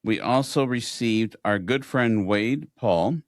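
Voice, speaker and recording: Male podcast co-host, low voice, dry close mic, reads listener notes with fillers. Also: no room sound. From United States. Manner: reads messages aloud with fillers and pauses. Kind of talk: casual podcast chat, reading listener messages.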